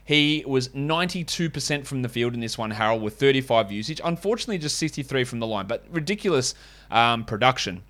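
A man's voice: medium pitch, expressive, a little fast, fairly bright tone. Man, podcast host, casual and wry, rambling asides. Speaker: fantasy basketball podcast host. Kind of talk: casual podcast chat and host-read ads.

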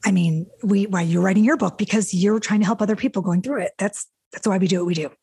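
A woman's voice: mid-range voice, quick pace, dark tone, breathy edge. A woman podcast host and dating coach in casual, emotional chat, who swears freely.

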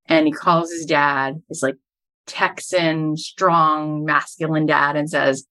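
A woman's voice: low voice, fairly even intonation, slow pace, bright, forceful tone. A middle-aged woman, a podcast host and business coach, telling stories as a guest in an interview and building each anecdote to its punchline.

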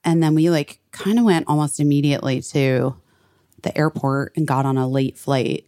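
Low-voiced chatty woman, swearing freely. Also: normal speed. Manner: chatty, swears freely, big pitch swings when animated. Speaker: podcast co-host. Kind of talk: casual chat. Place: friend's house, indoors.

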